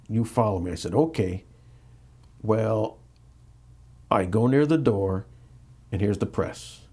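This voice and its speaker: A middle-aged American man, an interview guest, telling a candid story with many restarts and acted-out quotes. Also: on the low side. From United States. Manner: animated, repeats and restarts, acts out quotes.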